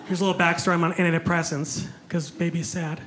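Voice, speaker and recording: A man's voice: on the high side, little pitch movement, fast. A man performing a stand-up comedy set on a club stage, chatty and self-mocking, talking with the crowd. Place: comedy club stage before a live audience. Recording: live club recording with audience noise.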